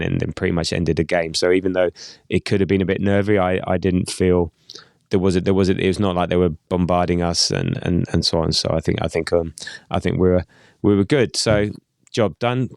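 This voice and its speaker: Man, podcast co-host, stop-start football chat, low voice, dry close sound. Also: fairly even intonation, creaky, darkish tone, clear, resonant tone, no echo. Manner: halting, many repeated words and restarts.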